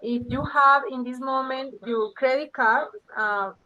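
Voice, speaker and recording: A woman's voice: high-pitched, measured pace, pushed and bright, dull audio. A woman trainee practicing a call center role-play on a video call, hesitant and full of fillers.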